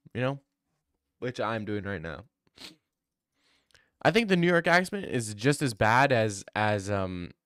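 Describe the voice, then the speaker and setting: A man hosting a casual livestream, joking and rambling as he reacts to his chat. His voice is smooth and clear at a middle pitch. The sound is dry and close to the mic. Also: no echo. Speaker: streamer.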